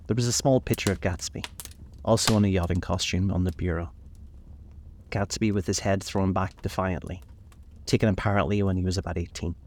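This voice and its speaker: Guy reading a classic novel, really low voice, calm and thoughtful, slows down on the big bits. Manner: measured, reflective, slows on key passages. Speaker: narrator.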